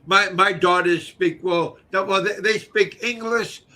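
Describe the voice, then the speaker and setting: An older man hosting his own channel, chatting casually in a halting way, repeating words and pausing on fillers. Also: sits high, fairly even intonation, sharp tone. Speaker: channel host. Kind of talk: casual livestream chat.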